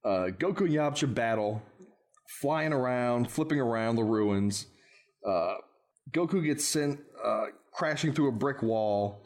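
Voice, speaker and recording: A man with a middle-of-the-road pitch, chatting through a film recap on a podcast. His delivery is wry and relaxed, and he keeps breaking into laughter at his own lines. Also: unhurried. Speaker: podcast host.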